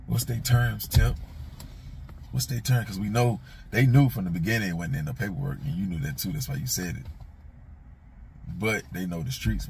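A man's voice: low-pitched, creaky, darkish tone, slight background noise. A man hosting his own commentary channel, talking bluntly and casually, speaking straight to the people he discusses in street slang and often repeating himself. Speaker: commentator and host.

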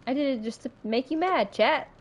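A high-pitched woman livestreams a game with casual, excitable commentary. She swears a lot and keeps bursting into laughter and panicky outbursts.

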